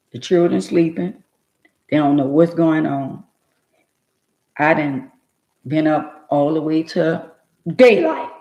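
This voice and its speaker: A woman's voice: low-pitched, creaky, mellow, reverberant, dull audio. A woman telling her own life story to her viewers in an emphatic, rambling, casual way.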